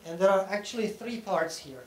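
Guy presenting at a tech conference, kinda high voice, walks through it step by step, roomy hall sound. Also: lively intonation, brisk. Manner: explains step by step, often checking in with "okay?". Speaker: conference speaker. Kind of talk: technical conference talk. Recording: echoey hall with faint room noise.

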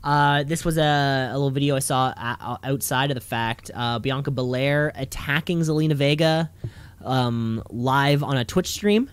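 A man co-hosting a podcast, chatting in an animated, digressive way with lots of fillers and asides. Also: mid-range voice, moderate pace, clear, resonant tone. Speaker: podcast co-host. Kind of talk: casual chat commentary.

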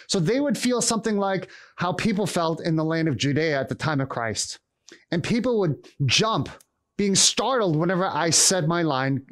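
A middle-aged man preaches a Christmas Eve sermon in a storytelling way. His voice sits somewhat high for a man. Now and then he acts out the characters in his stories. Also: fairly bright tone. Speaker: pastor.

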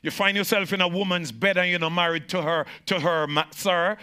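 This pastor's sermon to his congregation is built on emphatic repetition, swinging from shouts to slow, low phrasing. His tone stays steady and clean.

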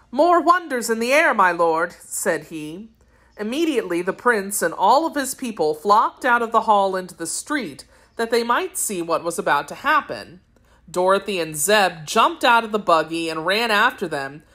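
Expressive woman narrating a storybook. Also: medium pitch. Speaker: audiobook narrator. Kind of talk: scripted narration.

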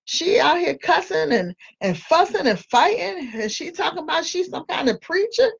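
A woman's voice: very high voice, big pitch swings, moderate pace, gravelly, dull audio, voice pushed up, full character voice. A woman voicing a dismissive onlooker who scoffs that she needs no change. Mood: scoffing. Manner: dismissive, sassy.

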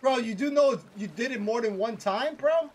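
A man streaming a game live, excitable and swearing a lot as he talks to viewers and a teammate. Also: very high-pitched, moderate pace, a loud crowd. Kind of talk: live gaming stream chat.

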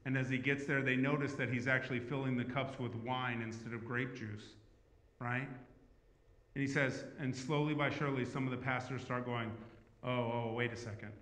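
A man preaching a sermon as pastor, talking in a conversational way that swings from emphatic to hushed. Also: medium pitch, fairly even intonation, moderate pace. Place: church sanctuary. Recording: echoey church hall.

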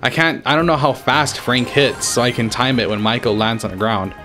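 A man's voice: mid-range voice, fairly even intonation, fairly quick. Young man, gameplay commentary, swearing, trash talk, faint music behind. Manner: frustrated, swearing, trash-talking opponents. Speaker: gaming YouTuber.

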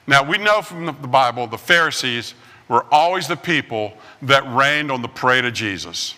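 A man preaching a sermon as pastor, telling stories with acted-out quotes and lively swings in delivery. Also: medium pitch, normal speed, big-room sound. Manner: animated storytelling with acted-out quotes. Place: church sanctuary.

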